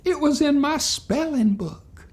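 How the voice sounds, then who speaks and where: A man voicing a whiny fourth-grade schoolgirl in a told story, high and shrill with a tattling whine. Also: lively intonation, slow pace, full character voice. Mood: whining.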